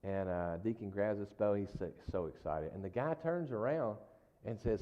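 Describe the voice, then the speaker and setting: This preacher has a lowish voice and speaks at normal speed, giving a casual storytelling sermon full of check-ins with the congregation. The audio is muffled and lo-fi, with a large hall's long echo.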